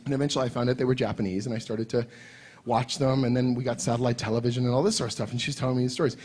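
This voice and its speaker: A man telling a convention anecdote on a panel, excitable and swearing often, acting out voices as he goes. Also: medium pitch, racing, husky. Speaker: comics writer panelist. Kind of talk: animated storytelling on a convention panel.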